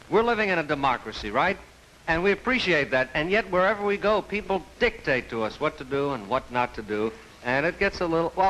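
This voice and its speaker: A male stand-up comedian telling deadpan stories, heard on an old TV broadcast. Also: mid-range voice, slight background noise, rough recording. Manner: deadpan storytelling, acts out sign voices. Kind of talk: stand-up routine.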